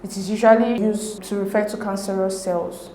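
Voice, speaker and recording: A woman, working through exam questions as a tutor in a steady, methodical way. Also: mid-range voice, moderate pace, a little hiss or hum. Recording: echoey room.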